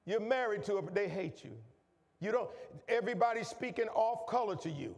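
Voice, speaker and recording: A man preaching a sermon as pastor, repeating phrases, calling for the congregation to say lines back, and rising to shouts. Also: high voice, brisk, gravelly, big-room sound. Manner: repetitive, call-and-response, builds to shouting. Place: church sanctuary.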